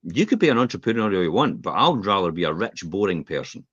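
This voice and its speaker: Animated, opinionated Scottish man, husky voice. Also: low voice, quick pace, no echo. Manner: opinionated, animated, laughs while ranting. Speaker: podcast host. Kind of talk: casual podcast chat. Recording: dull lo-fi podcast audio.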